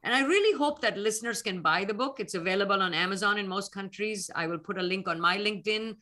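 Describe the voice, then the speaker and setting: A middle-aged woman from North India, an alumna scientist appearing as a guest speaker, answers interview questions in an Indian English accent. She speaks fast at medium pitch, bright and forceful, earnest and reflective at first before turning emotional.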